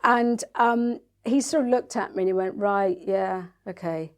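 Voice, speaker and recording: A woman, a parenting coach, chatting in an interview and telling lively stories, acting out other people's voices. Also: mid-range voice, a little slow. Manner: animated storytelling, acts out quoted voices. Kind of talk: casual interview chat.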